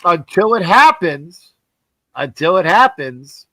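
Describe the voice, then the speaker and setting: A man's voice: high voice, very animated, slow, sharp tone, no echo. A man hosting a casual sports talk show, rambling, repeating words and joking. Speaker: host.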